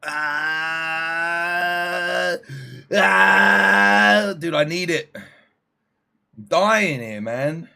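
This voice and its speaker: A weary man, his voice fading eighteen hours into a live stream, jokes casually with viewers and thanks them by name in a drawn-out way. The pitch is fairly high, with a sing-song lilt that sounds pushed and bright.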